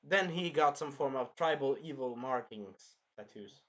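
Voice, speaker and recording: A man co-hosting a casual review chat, excitable and breaking into shouted impressions of scenes. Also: mid-range voice, measured pace, muffled recording. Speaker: anime review co-host.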